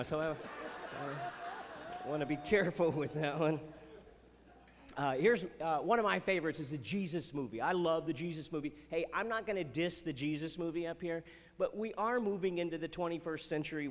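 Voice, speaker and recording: A man's voice: fairly high pitch, in a large hall, slight background noise. A man doing chatty Christian stand-up comedy on stage, with playful jokes and asides. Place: festival stage before a live audience.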